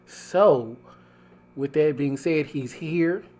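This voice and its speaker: A man hosting a casual podcast, talking in a slow, deliberate, reflective way. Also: a little high, warm tone. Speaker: podcast host.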